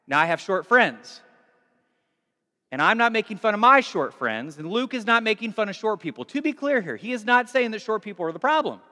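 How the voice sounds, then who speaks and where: A man preaching a sermon in a conversational, animated way, recorded in a large church hall with long reverb. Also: high-pitched, fairly quick. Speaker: pastor.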